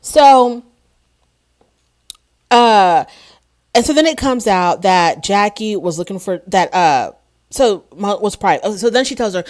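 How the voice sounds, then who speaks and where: A woman's voice: medium pitch, lively intonation, measured pace, pauses often. A woman giving a casual, opinionated recap of a reality show episode, chatting freely and acting out what the cast members said.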